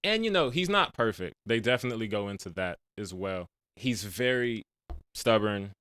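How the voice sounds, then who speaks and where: A man's voice: lowish voice, lively intonation, normal speed, a bit bright, clean tone. A young adult man hosting a casual movie podcast, retelling scenes with slangy asides. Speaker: podcast host reviewing movies. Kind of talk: casual chat.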